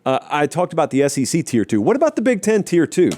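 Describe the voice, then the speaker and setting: A man's voice: on the high side, very animated, fast talker, a little mellow, slight background noise. A man hosting a sports talk show, giving opinionated, conversational commentary with wry asides to his producers.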